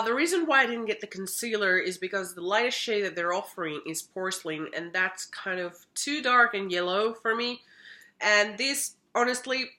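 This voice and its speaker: A woman's voice: medium pitch, pushed and bright. A woman giving a casual, chatty makeup product review at home, often doubling words for emphasis. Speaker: makeup vlogger. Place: home room.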